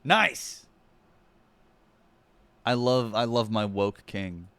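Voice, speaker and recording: A man's voice: fairly low pitch, expressive, drawn-out words, a bit bright, no room sound. A young man streaming and reacting to videos, talking to his chat in a profane, sarcastic way. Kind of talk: casual live-stream commentary.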